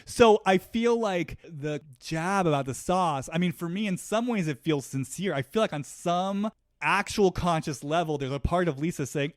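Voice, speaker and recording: A man's voice: fairly high pitch, moderate pace, no echo, clean studio sound. A man hosting a solo podcast, talking in a reflective, conversational way, loose with fillers. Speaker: podcast host.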